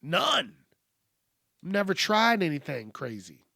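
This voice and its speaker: A man's voice: high voice, sing-song, takes it slowly, gravelly, pushed and bright, no echo, studio quality. A male podcast host riffing casually on news stories, joking and swearing freely. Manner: profane, joking, rhyming asides.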